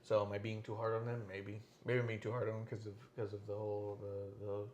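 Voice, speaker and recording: A man hosting a casual wrestling podcast, telling stories with lots of swearing and lively animation. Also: lowish voice, a little fast, a little hiss or hum. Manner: animated, profane storytelling. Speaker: podcast host.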